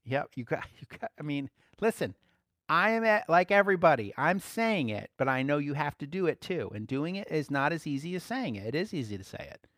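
Relaxed, chuckling man preaching. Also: fairly high pitch, brisk, dry recording, clean studio sound. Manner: relaxed, chuckles often, repeats key phrases. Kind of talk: conversational teaching.

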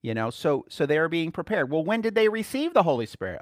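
A man preaching to a small group, his voice fairly high and swinging widely in pitch. He keeps posing rhetorical questions and breaks into frequent chuckles. The sound is dry and close, with no room echo. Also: big pitch swings, fast talker. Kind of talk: teaching sermon to a small group.

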